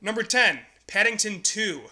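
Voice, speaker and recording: A young man with a very bright, slightly high voice. He co-hosts a casual podcast and talks with eager enthusiasm, laughing often as he gushes. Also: animated, normal speed. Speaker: podcast co-host. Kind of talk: casual movie review chat.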